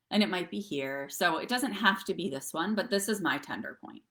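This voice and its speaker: A woman's voice: fairly low pitch, lively intonation, a little fast, few pauses, a bit bright. A middle-aged woman coaching viewers through breathwork and tapping on a live stream, chatty and often checking in with "okay?" and "right?". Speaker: wellness coach.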